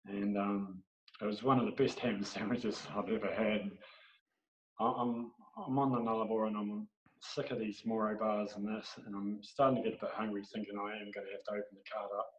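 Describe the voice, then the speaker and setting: A man with an Australian accent, a podcast guest telling rambling, animated anecdotes in casual storytelling. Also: on the low side, brisk. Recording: dull, echoey room recording.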